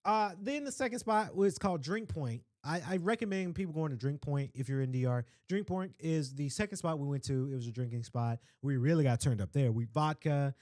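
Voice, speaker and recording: A young man with a fairly high voice rambles through a casual story, tossing in asides and shout-outs as he goes. He talks like a relaxed podcast host, and the recording is close and dry. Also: brisk, few pauses, no echo. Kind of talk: casual chat.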